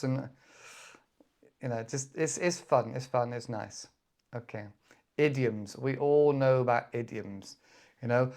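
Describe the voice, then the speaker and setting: British male English teacher, casual lesson, chatty, mid-pitched voice, jumps into playful example voices. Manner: chatty, acts out quick example voices with bursts of excitement.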